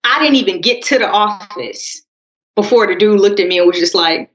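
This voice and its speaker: A woman co-hosting a political podcast, telling stories calmly and talking straight to listeners. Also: medium pitch, normal speed. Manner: calm, storytelling, addresses listeners as y'all. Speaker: podcast co-host. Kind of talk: casual political chat. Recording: roomy, dull-sounding podcast audio.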